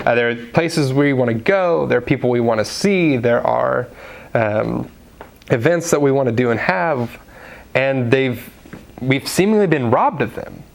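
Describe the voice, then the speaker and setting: Guy doing a laid-back devotional talk, chatty, lots of ums, mid-pitched voice. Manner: conversational, with fillers, acts out quoted voices. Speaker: preacher. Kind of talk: devotional sermon.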